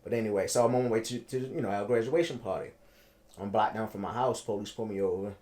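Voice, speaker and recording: A man, telling his own story in a casual interview, animated and repeating himself for emphasis. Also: on the low side, quick pace. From Baltimore, United States. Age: 30s.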